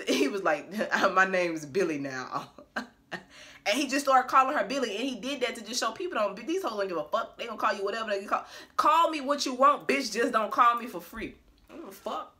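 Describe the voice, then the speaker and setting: A woman's voice: fairly high pitch, pushed and bright. A woman vlogger delivering a blunt, profane rant to camera, talking in an emphatic way and laughing between her points.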